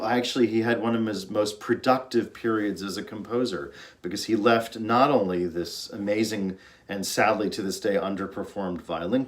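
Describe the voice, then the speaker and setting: A man, an orchestra conductor, giving an earnest informal talk about music, storytelling with fillers and restarts. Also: fairly low pitch.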